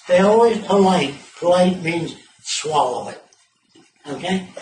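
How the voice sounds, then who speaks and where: A man giving an informal talk to a small group of visitors, blunt and profane, telling stories with asides. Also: on the high side. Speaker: speaker addressing visitors. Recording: echoey room, mic far off, clear background noise.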